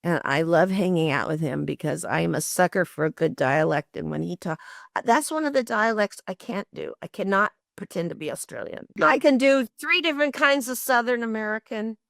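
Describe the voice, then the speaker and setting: An older woman telling lively, expressive stories as an interview guest, often laughing. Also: medium pitch, fairly quick, gravelly, no echo, studio quality. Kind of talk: animated storytelling.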